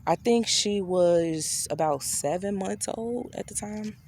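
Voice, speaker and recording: A woman's voice: slow pace, a little mellow. Chatty woman telling a storytime. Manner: chatty, addresses viewers directly; acts out quoted dialogue with shifting pitch. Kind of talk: casual storytime.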